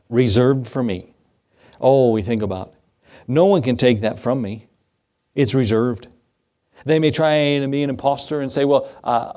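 A man preaching a sermon to a congregation, lively and joking, with animated emphasis on key words. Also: medium pitch. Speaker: pastor.

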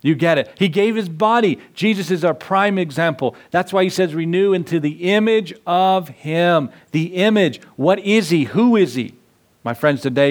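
A man preaching a sermon in a church, passionate and full of questions to the congregation. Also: on the high side. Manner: impassioned, rhetorical questions to the congregation. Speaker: pastor.

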